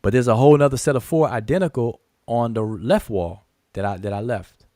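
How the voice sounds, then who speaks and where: A man's voice: medium pitch, fairly quick, dark tone, no echo, studio quality. A man walking viewers through tomb photos on screen, talking emphatically, counting aloud and often repeating himself. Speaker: channel host teaching hieroglyphs. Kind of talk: screen-share lesson with rebuttal.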